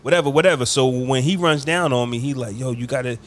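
Man, casual podcast storyteller, animated, mid-pitched voice, faint background hum. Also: fast talker. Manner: animated, laughing storyteller who acts out quotes. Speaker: podcast co-host telling a travel story.

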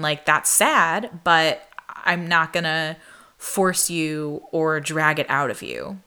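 This young adult woman vlogger has a smooth, low voice. She tells a personal story in a chatty, casual monologue, animatedly retelling events and saying "like" often.

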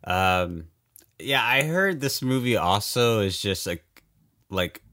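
Deep-voiced laid-back man. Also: lively intonation, takes it slowly, sharp tone. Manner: laid-back, hesitant, lots of fillers. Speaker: podcast co-host. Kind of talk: casual chat reviewing a movie.

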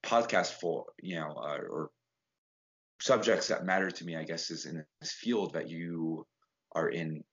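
A man's voice: deep voice, a little slow, fairly bright tone, breathy edge. A man talking as a podcast guest, earnest and rambling with fillers in a casual chat. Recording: dull lo-fi sound.

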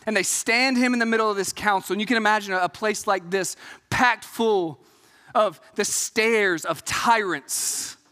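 A man preaching a Sunday sermon in a church, earnest and emphatic, rising to loud peaks and falling to quiet, intimate passages. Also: high-pitched, moderate pace. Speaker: pastor. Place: church sanctuary. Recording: long hall reverb.

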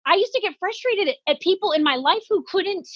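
High-voiced woman in her forties, joking. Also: brisk, no room sound, muffled recording. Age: 40s. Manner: animated, self-deprecating, acts out quotes. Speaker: comedian guest. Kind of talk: comedic storytelling in conversation.

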